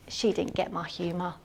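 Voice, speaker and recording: A gushing, excitable housewife, as a woman plays her on stage, who rambles from one aside to the next. Her fairly high voice rushes with enthusiasm through a live one-woman comedy monologue. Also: creaky, slightly rough, heavily acted. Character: chatty cleaning-obsessed English housewife. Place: theatre stage.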